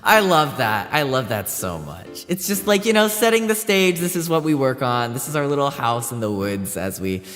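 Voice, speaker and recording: A man's voice: medium pitch, sing-song, normal speed, few pauses, a bit bright. Bubbly, giggly streamer man. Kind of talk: casual stream chat and fanfic reading. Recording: long reverb, faint background music.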